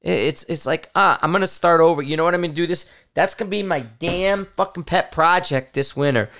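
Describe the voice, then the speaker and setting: Male podcast host, middle-aged, rambling frustrated rant, salty language, clear resonant tone. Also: fairly high pitch, a little fast, fairly bright tone. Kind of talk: casual solo rant.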